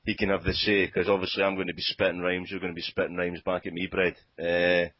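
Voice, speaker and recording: A man's voice: low voice, little pitch movement, quick pace. A man with a broad Glaswegian accent, co-hosting a casual podcast, giggling and stammering through restarts and a comic rap. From Scotland. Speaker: podcast co-host. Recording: dull, dry lo-fi podcast audio.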